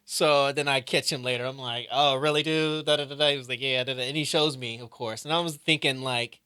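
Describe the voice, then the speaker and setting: A man's voice: medium pitch, a little fast, clear, resonant tone, no echo, clean studio sound. A man co-hosting a comedy chat, jumping in with jokes and acted-out voices. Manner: animated, jumps in with jokes and quoted voices. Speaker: comedy podcast co-host.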